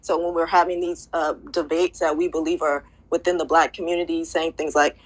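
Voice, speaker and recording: A woman in an online audio space, giving earnest, measured commentary. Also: low voice, flat delivery, poor audio. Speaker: Twitter Space speaker. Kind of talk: casual discussion.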